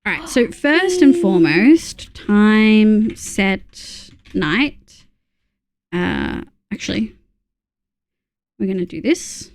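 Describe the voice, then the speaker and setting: A woman's voice: medium pitch, huge pitch swings, very slow, creaky, pauses often. An Australian woman streaming, giving casual, rambling commentary while playing, with plenty of fillers and restarts.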